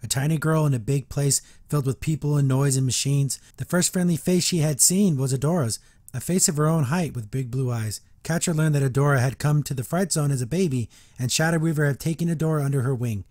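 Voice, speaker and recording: A man's voice: fairly high pitch, a little mellow, no echo, clean studio sound. A male podcast host reading a book aloud and reviewing it in a chatty, rambling way, restarting often.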